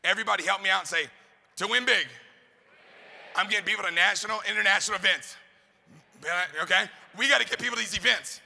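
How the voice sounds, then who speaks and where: A man delivers a hyped motivational talk to a live crowd, firing questions and shouting back the answers. His voice sits high and carries heavy gravel with a piercingly bright edge. The sound rings out with the long reverb of a large event hall. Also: quick pace, long pauses. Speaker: motivational speaker. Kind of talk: high-energy motivational speech to a live audience.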